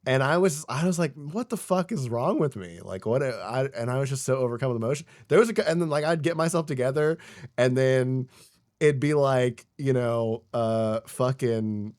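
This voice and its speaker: A man's voice: mid-range voice, moderate pace, a little mellow. A young man co-hosts a podcast in loose, casual chat. He rambles through his story with plenty of fillers and frequent swearing. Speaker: podcast co-host.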